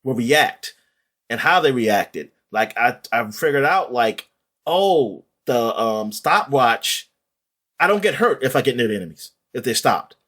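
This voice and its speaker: Man, podcast co-host, casual chat, rambling, animated, lots of fillers, mid-range voice. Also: medium pitch, unhurried. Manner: rambling, animated retelling with many fillers and restarts; casual swearing.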